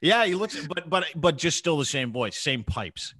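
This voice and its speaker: A man's voice: sing-song, normal speed, sharp tone, no room sound, clean studio sound. A man hosting a podcast, telling stories in casual, profane banter. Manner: profane storytelling, drops into a low breathy impression. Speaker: podcast host.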